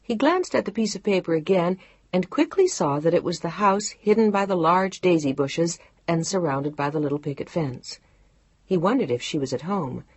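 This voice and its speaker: A woman narrating an audiobook romance in a measured, emotive storytelling manner. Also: low-pitched, a little mellow, breathy edge, no echo. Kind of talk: scripted narration.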